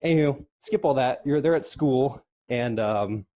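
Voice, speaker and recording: A male podcast co-host recaps an episode in a relaxed, rambling way with fillers, slipping into a squeaky falsetto when quoting characters. His voice is warm and unhurried, and the audio has its highs cut off.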